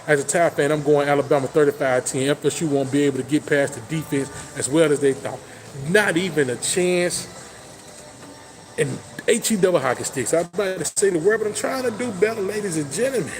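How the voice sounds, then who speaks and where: A man hosting a casual football talk show, hyping his team with loud, boastful trash talk. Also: fairly high pitch, fairly quick. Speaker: sports talk host. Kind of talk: casual sports chat.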